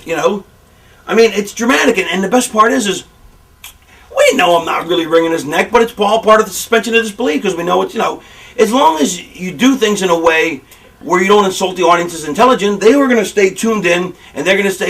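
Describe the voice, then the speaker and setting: This high-voiced, fast-talking man tells stories casually in a shoot interview about how wrestling gets booked, swearing liberally and animatedly mimicking fans' responses. He's recorded on a far-off mic, and the audio is rough.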